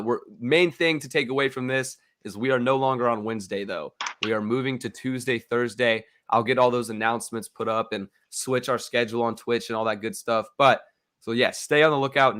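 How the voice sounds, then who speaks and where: A young man talks sports in a relaxed, slangy way, leaning on "bro" and "dude" as he runs the show. His voice sits in a middle register, easygoing and unhurried. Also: medium pitch, a little hiss or hum. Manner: laid-back, slangy, says "bro" and "dude" a lot. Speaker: podcast host. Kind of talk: casual sports podcast chat.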